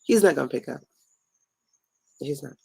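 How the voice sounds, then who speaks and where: A woman's voice: sits low, expressive, normal speed, gravelly, a little mellow, husky, no echo, low-quality recording. Tired, playful woman hosting a late live. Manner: chatty and playful, talks to viewers and family mid-stream. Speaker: online business coach hosting a live stream. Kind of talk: casual late-night live teaching. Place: home at night.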